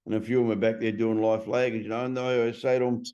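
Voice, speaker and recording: A man's voice: medium pitch, little pitch movement, rapid-fire, warm tone, dull audio. Blunt, swearing man. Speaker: guest, transformation coach. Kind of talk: casual interview talk.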